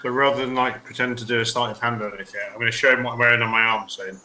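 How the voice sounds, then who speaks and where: Bright-voiced man at a game table. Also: medium pitch, flat delivery, rapid-fire, echoey room, distant mic, rough recording. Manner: stammering, repeats words. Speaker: player. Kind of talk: casual tabletop game play.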